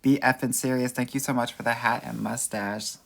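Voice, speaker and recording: A young adult man hosts a live-stream dating Q&A, campy and sassy, his talk carrying a Valley Girl lilt. He greets viewers by name and calls them girl and honey. His pitch sits in a middle range. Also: fairly even intonation, moderate pace, creaky, fairly bright tone. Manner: self-described Valley Girl way of talking. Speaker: dating coach. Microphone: phone or webcam mic for a live stream.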